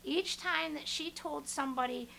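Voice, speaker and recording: Animated high-voiced woman podcast host. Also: normal speed, vocal fry, a little hiss or hum. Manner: animated, excitable storyteller. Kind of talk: storytelling podcast monologue.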